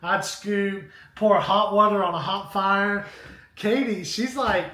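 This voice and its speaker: A man co-hosting a casual live stream, telling a rambling, animated story with asides to viewers. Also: high voice, slow pace. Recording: echoey room.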